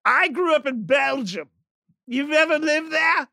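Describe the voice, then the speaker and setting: A man playing Old Man Winter, a goofy immortal old man who rambles, giggles and bursts into shouts in an improvised comedy sketch. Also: extremely high pitch, expressive, measured pace, creaky, no echo, studio quality, heavily acted. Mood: rambling.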